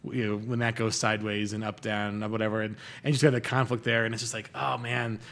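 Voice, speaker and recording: A man's voice: lowish voice, flat delivery, fast talker, vocal fry, fairly bright tone. A man hosting a podcast, asking rambling, enthusiastic questions in casual chat. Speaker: podcast host.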